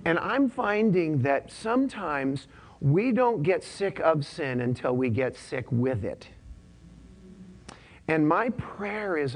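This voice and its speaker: A man's voice: mid-range voice, expressive, unhurried, creaky, breathy edge. Man preaching a casual sermon. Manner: conversational, repeats himself, casual slang. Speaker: pastor.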